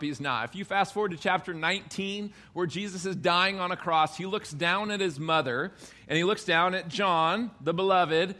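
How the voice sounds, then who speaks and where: A man's voice: sits high, sharp tone. A male pastor preaching a conversational sermon to his congregation, joking and acting out the quotes he reads.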